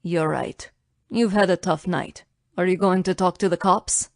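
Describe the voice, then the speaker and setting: A woman's voice: on the low side, steady tone, unhurried, dry recording, studio quality. A woman doing a firm Russian nightclub owner. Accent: Russian, as put on. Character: Russian nightclub owner man, confident, protective.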